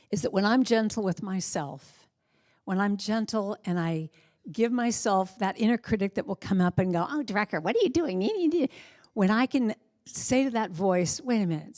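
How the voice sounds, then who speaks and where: An American woman giving an inspirational Sunday talk in a church sanctuary, earnest and conversational, telling stories with quick asides. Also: medium pitch, a little mellow, no room sound, studio quality.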